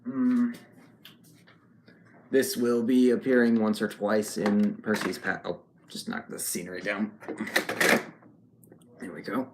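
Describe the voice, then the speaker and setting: Low-voiced man live streaming casually. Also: flat delivery, echoey room, very noisy. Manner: halting, frequent ums and restarts; chatty, reads and answers chat messages.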